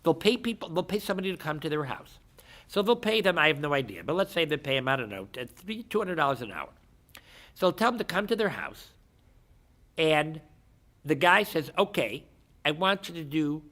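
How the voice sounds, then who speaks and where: A man giving a rabbi's lecture, telling stories and acting out the characters, with frequent restarts and sudden shouts. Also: a little high, very animated, normal speed. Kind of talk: animated storytelling lecture.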